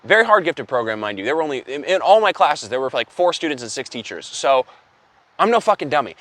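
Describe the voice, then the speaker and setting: A young man telling an absurd story as an exasperated, profane, deadpan comedy rant. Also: on the high side, fast. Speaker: comedic vlogger.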